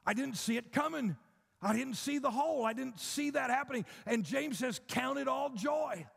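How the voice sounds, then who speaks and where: Guy preaching, high gravelly voice, big echoey church, punchy repeats. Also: moderate pace, fairly bright tone. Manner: emphatic, rhythmic repetition, rising to declarations. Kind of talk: sermon. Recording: long hall reverb.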